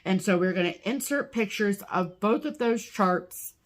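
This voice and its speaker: A woman's voice: mid-range voice, lively intonation, a little slow. A woman co-hosting a craft video show, talking casually and reading promotions in an upbeat, chatty way with plenty of fillers. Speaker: podcast co-host. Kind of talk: casual chat.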